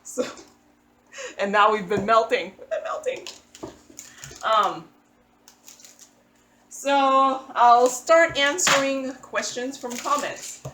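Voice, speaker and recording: A woman's voice: on the high side, slow, pauses often. A woman crafting vlogger chatting casually as she answers viewer comments, often restarting her sentences. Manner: chatty, with frequent restarts and fillers. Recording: echoey room, faint background noise.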